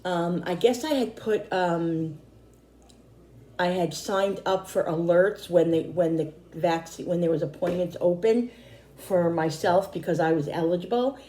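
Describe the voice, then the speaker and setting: Tired, hoarse middle-aged woman rambling. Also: on the low side, measured pace, warm tone. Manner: rambling, repeating herself. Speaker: vlogger. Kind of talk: casual chat to camera. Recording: echoey room.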